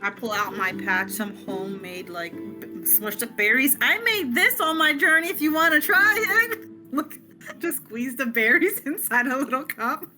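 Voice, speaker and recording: A woman playing a tabletop game, giggling and lively as she describes her character's actions. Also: high voice, moderate pace, faint music behind. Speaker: player. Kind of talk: casual tabletop banter.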